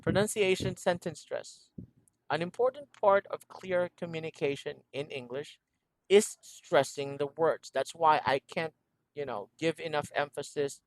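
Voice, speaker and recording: A man's voice: a little high, unhurried. A man teaching a one-on-one English lesson over a video call, patiently repeating instructions and laughing often. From Philippines.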